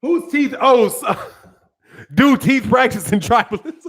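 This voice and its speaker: A man with a strikingly high voice hosts a boxing live stream. He talks loose and slangy, swears freely, laughs a lot and answers his chat. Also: expressive, slow pace, a bit bright, husky. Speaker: boxing channel host. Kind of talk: casual live-stream commentary.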